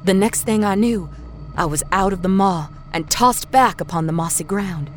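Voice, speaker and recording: A woman storyteller narrating a horror story in a steady, expressive reading. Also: medium pitch, normal speed. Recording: narration over a faint music score.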